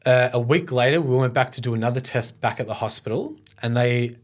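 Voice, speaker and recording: Speaking fairly quickly at a medium pitch, this middle-aged guest shares something personal during an interview. He founded a foundation, and his casual, filler-heavy talk occasionally breaks with emotion.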